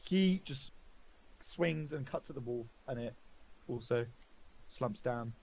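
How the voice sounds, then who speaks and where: A man running a tabletop game as dungeon master, relaxed, laughing often and filling pauses with um and uh. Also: mid-range voice, gravelly.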